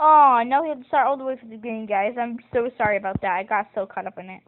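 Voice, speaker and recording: A woman vlogger chatting casually and excitedly about a video game, rambling with restarts. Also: on the high side, quick pace, a little hiss or hum. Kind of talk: casual gaming chat. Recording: tinny phone-like audio with loud game music.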